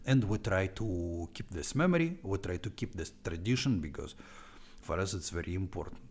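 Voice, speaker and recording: Young russian-accented guy talking casually on a stream, a bit low-pitched, drops russian words here and there. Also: expressive, moderate pace. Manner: chatty and informal, with short Russian asides. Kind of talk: casual live stream chat.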